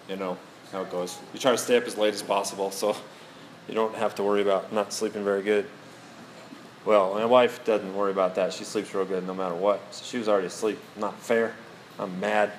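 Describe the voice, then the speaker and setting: Middle-aged male pastor, mid-pitched voice, folksy self-deprecating storyteller in the pulpit, faint room noise. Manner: storytelling, self-mocking humor. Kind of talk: sermon.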